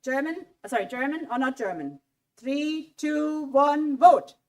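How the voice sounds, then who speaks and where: A woman running an interactive quiz for a college audience in a hall, lively and coaxing as she asks for votes. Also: high voice, unhurried. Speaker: German language speaker at a college event. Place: auditorium mini hall. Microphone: handheld mic.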